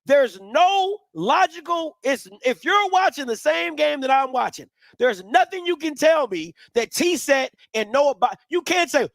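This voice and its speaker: A young man hosting a show, delivering blunt, opinionated sports commentary in an animated rant. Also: very high voice, measured pace, no room sound, studio quality.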